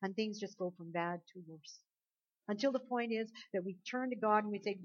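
A woman preaching a sermon with animated delivery, rising to loud emphasis and dropping to near quiet. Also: mid-range voice, normal speed. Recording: dull lo-fi recording.

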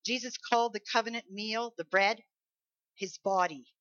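Woman preacher, sermon; higher voice, dry close sound, emphatic and chatty with rhetorical questions. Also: normal speed, a bit bright, dry recording. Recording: dull lo-fi recording.

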